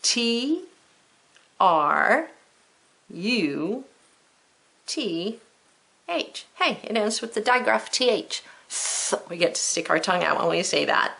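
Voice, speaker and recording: A woman's voice: mid-range voice, normal speed, vocal fry, few pauses, sharp tone. A woman teaching a children's spelling lesson, who spells words letter by letter and thinks aloud, step by step, in a patient way.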